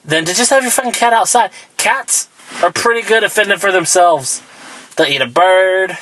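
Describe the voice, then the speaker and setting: A man's voice: sits high, moderate pace, sharp tone, a little hiss or hum, poor audio. A man co-hosting a podcast, chatting loosely with crude jokes and frequent laughter. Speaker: podcast co-host. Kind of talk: casual chat.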